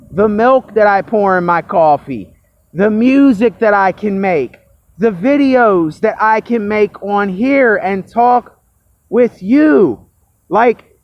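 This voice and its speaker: Man, raised and strained voice, slow reflective monologue, handheld phone mic, dull lo-fi sound. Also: high voice. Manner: talking loud and pushing his voice. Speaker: vlogger. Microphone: phone held in hand. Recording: lo-fi phone recording.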